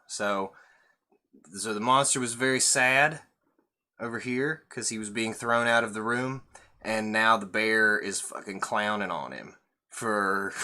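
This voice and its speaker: A man's voice: lowish voice, measured pace, bright, forceful tone. A man reading a picture book aloud and joking about it with irreverent, profane commentary. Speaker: storyteller host.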